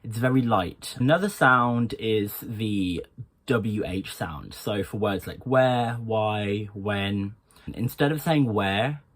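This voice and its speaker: A young man gives an unhurried, explanatory tutorial, pausing often. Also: on the low side. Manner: unhurried, explanatory, with frequent pauses. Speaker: accent coach. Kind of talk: informal tutorial.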